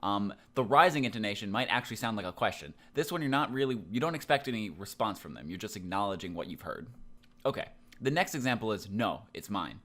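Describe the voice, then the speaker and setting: A man's voice: on the low side, expressive, quick pace, sharp tone. A young man teaching a casual Japanese grammar lesson, explaining loosely with plenty of ums and likes.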